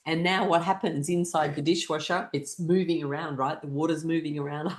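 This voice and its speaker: A woman teaching a laughter exercise class, her instructions broken up by loud bursts of rhythmic laughter. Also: deep voice, fairly even intonation, brisk, echoey room. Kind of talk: guided laughter exercise session.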